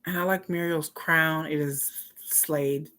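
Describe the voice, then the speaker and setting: Chatty, bright-voiced woman streamer. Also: sits low, slow pace. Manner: chatty, animated, often acting out other people's lines. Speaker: live watch party streamer. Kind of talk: casual reaction commentary. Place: home, indoors.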